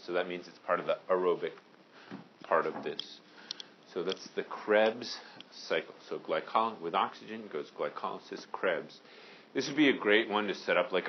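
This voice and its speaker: Low-voiced male science teacher, lo-fi. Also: slight background noise. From Maine. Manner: casual, joking with students. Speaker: high school science teacher. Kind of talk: classroom lecture. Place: classroom.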